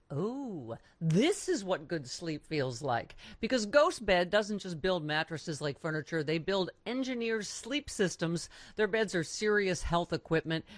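A woman's voice: lowish voice, no room sound. A woman host reading a sponsor ad in a chatty, upbeat selling manner. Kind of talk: sponsor ad read.

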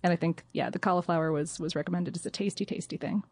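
A woman co-hosting a casual studio chat, talking through history with quick restarts and repeated words. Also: on the low side, fairly even intonation, darkish tone, no room sound. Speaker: podcast co-host. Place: recording studio.

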